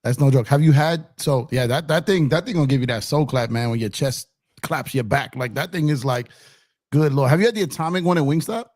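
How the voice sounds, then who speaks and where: A medium-pitched, slightly mellow man co-hosts a podcast, talking a little fast in a laid-back, joking way full of slang. The sound is clean studio quality and dry.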